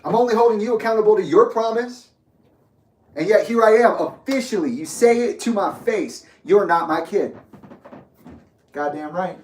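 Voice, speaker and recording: A man's voice: high voice, moderate pace, a little mellow. A young man telling his story in an angry personal monologue, bitter, sarcastic and swearing often. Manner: bitter, sarcastic, profane ranting. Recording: echoey room, voice from a distance.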